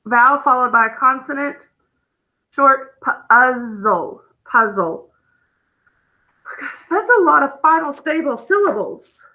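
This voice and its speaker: A woman teaching a phonics lesson, explaining patiently with gentle enthusiasm. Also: high voice, lively intonation, moderate pace, low-quality recording.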